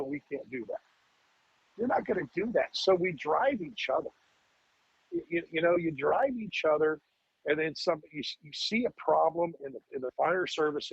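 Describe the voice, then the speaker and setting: Gravelly, husky-voiced emphatic man. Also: fairly high pitch, no room sound, lo-fi sound. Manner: emphatic, repeats words, asks rhetorical questions. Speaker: fire lieutenant guest. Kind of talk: podcast interview.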